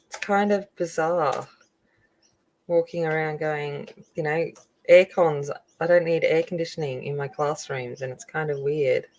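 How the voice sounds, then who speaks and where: A woman's voice: low voice, steady tone, a little slow, darkish tone, low-quality recording. A middle-aged Australian woman hosting a live coloring stream, chatting casually and greeting viewers by name as she rambles through asides. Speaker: coloring channel host.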